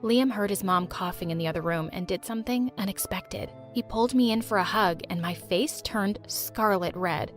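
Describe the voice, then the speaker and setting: A woman narrating a dramatic first-person story in an expressive way. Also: mid-range voice, normal speed, hardly any pauses, soft background music.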